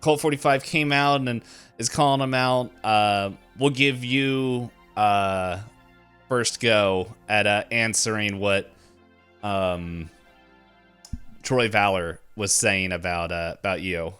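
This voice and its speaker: A man running a tabletop game as game master, unhurried and hesitant with many fillers. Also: on the low side, a bit bright, clear, resonant tone, faint music behind.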